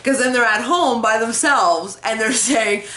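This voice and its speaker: A woman chatting casually to her camera, joking and swearing freely, now and then breaking into high belted singing. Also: a little slow, bright, forceful tone, roomy sound, slight background noise. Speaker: vlogger.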